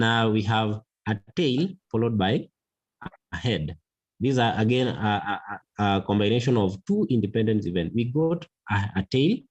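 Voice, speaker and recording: A man teaching a mathematics lesson, slow and deliberate, repeating key words for emphasis. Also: on the low side, darkish tone, muffled recording. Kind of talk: classroom lesson.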